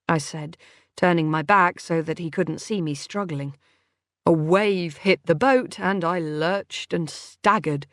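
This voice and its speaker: A woman narrating a first-person thriller audiobook in a measured, unhurried way. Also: sits low, no echo, clean studio sound.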